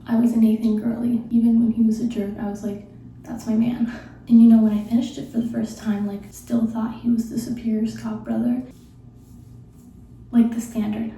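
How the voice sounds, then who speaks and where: A young woman telling a late-night story in a hushed, half-whispered voice, giggling and gushing as she talks. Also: a little high. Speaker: vlogger. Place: room at night before bed. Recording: very echoey room, mic far off.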